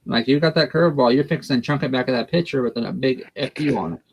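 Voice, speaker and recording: A man's voice: mid-range voice, fast, slight background noise. A man giving a tarot reading on a livestream in a blunt, folksy way. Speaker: tarot reader.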